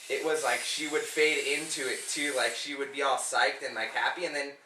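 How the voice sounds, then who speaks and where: Chill young dude rambling on a couch podcast, echoey room, mic far away. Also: male voice, medium pitch, fairly even intonation, normal speed, bright, forceful tone. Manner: laid-back, profane, rambling. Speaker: podcast co-host. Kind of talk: casual chat, storytelling. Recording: roomy, distant mic.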